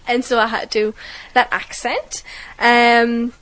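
A woman's voice: fairly high pitch, level tone, takes it slowly, fairly bright tone, poor audio. A young woman with a Geordie accent, a university student reading a passage and then chatting in an upbeat way. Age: young adult. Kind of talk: read passage then casual chat.

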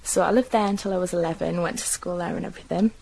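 Talking fast in a lowish, steady, somewhat dark voice with vocal fry, she reminisces casually about growing up and her own dialect. She's a young woman whose Geordie accent is mild, and she uses plenty of fillers and corrects herself often. Slight background noise and poor recording quality are noticeable.

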